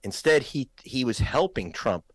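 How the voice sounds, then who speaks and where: A man's voice: medium pitch, lively intonation, unhurried, no room sound. A man, a guest filmmaker, talking in a political talk show, emphatic and pointed, raising his voice to stress points.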